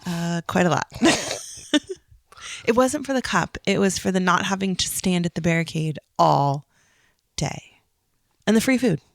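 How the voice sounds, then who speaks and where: A woman's voice: on the low side, lively intonation, measured pace, gravelly, pauses often, dry recording, studio quality. A woman co-hosting a podcast, chatting casually with wry, teasing banter. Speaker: podcast co-host. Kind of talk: casual chat.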